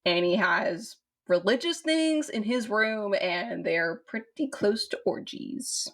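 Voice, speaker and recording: Her voice is mid-range, a bit bright and expressive, and she takes her time. She is a Southern American woman co-hosting a podcast, rambling about a film with many fillers and restarts.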